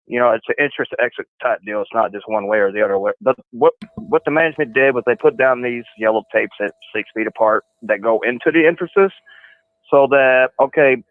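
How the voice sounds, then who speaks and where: Male caller, drawn-out storytelling, heard over a tinny, dry phone line. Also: medium pitch, no echo.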